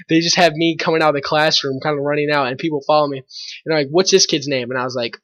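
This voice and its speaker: A man's voice: fairly high pitch, fast, fairly bright tone. A teenage boy rambling through a storytime monologue, full of fillers and swearing. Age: teens.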